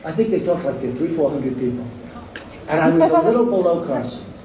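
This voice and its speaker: At a campaign rally in a large, packed hall, a political candidate with a fairly high, dark-toned voice speaks very animatedly and a little fast. He boasts and rambles, repeats himself, and takes sarcastic jabs at the press. The recording is far off and echoey, with crowd noise.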